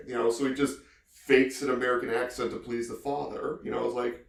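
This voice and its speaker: A man's voice: mid-range voice, fairly even intonation, fairly quick, gravelly, reverberant. A man co-hosting a podcast, telling stories in a rambling, casual way full of filler phrases. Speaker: podcast co-host.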